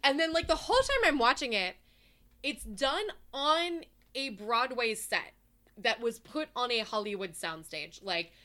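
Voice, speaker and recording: A woman's voice: fairly high pitch, expressive, measured pace, sharp tone. A woman co-hosting a casual podcast, ranting animatedly about a film, swearing and laughing as she goes. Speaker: podcast co-host. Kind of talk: casual chat, ranting movie review.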